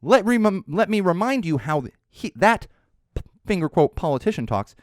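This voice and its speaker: A man hosting a podcast, giving opinionated political commentary in an animated, ranting way and swearing freely. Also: sits high, moderate pace, dry recording, studio quality. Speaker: podcast host.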